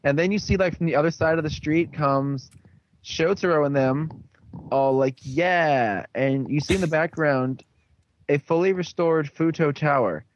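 A young man recapping a show in a rambling, animated way with lots of fillers. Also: fairly high pitch, moderate pace. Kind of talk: casual recap chat. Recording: dull lo-fi recording.

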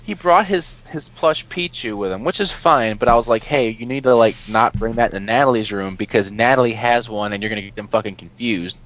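A man telling a story in casual chat, animated and exasperated, swearing freely and laughing often as he talks. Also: medium pitch, brisk, hardly any pauses, low-quality recording. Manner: laughs often while talking. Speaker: podcast co-host telling a story.

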